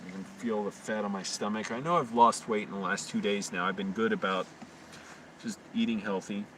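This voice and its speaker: A man's voice: fairly low pitch, steady tone, fairly quick, fairly bright tone, distant mic, a little hiss or hum, rough recording. A man live-streaming from his car at night, rambling casually with lots of fillers and swearing. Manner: rambling, swears freely, many fillers and restarts. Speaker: vlogger livestreaming. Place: in or near a parked car by a park at night.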